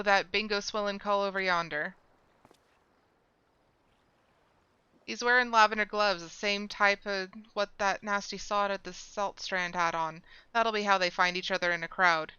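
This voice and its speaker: A gruff, scheming male rogue with an old seadog's swagger, put on by a woman reading video game lines. He talks in thick slangy thieves' cant with a put-on accent. The voice is bright and crystal clear, close and dry, with slightly dull streamed sound. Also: mid-range voice, no room sound, close to an everyday voice. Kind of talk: reading game dialogue aloud.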